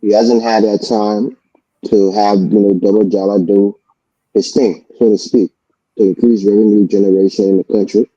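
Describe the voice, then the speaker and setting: A man on a debate panel, arguing calmly and reasonably with many fillers. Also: fairly low pitch, normal speed, no echo, lo-fi sound. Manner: calm, reasoning, many "you know"s.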